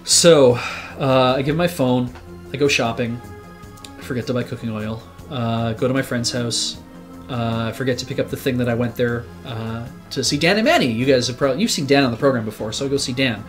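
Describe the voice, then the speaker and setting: A man's voice: medium pitch, fairly quick, soft background music. A man, a regular on the show, telling a long rambling story in casual chat, swearing and acting out what he said at the time. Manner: rambling, animated, swears, acts out his own quotes. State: sick.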